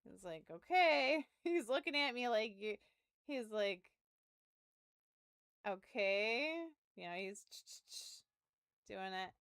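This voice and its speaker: A woman's voice: fairly high pitch, lively intonation, takes it slowly, pauses often, a bit bright, clear, resonant tone, dry recording. A young adult woman streaming from home, telling a story in casual chat with laughs and profanity, close to her mic. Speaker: game streamer.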